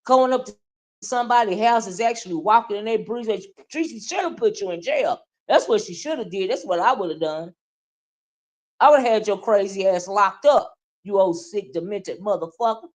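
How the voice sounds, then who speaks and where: A woman's voice: mid-range voice, moderate pace. A woman hosting a livestream, ranting casually and talking straight to her viewers, often checking in with "right?" and "okay?". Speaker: livestream host. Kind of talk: casual livestream rant, reading chat.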